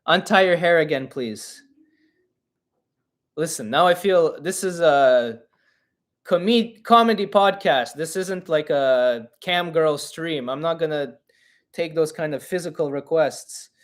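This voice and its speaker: A young comedian hosts a live-stream Q&A, reading out fan questions and answering them bluntly, with plenty of swearing. He sounds mock-offended, and his voice sits a little high for a man. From Russian-Ukrainian family. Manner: blunt, profane, mock-indignant. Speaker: podcast host and comedian.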